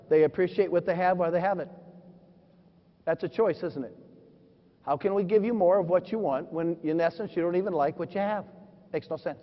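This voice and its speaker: A man in his fifties with a high voice gives a motivational keynote from a stage, swinging from hushed asides to sudden shouts as he acts out his stories. The sound is dull and muffled, with a long reverb trailing through a big conference hall. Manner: animated storytelling, acting out dialogue, sudden shouts. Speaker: motivational speaker.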